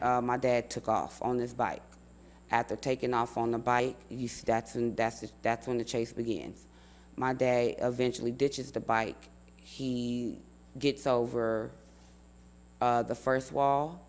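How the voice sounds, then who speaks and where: A young man, son of the man he speaks about, recounting events step by step in an interview, earnest and measured, often repeating himself for emphasis. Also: mid-range voice, little pitch movement, a little hiss or hum. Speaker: family member telling his account.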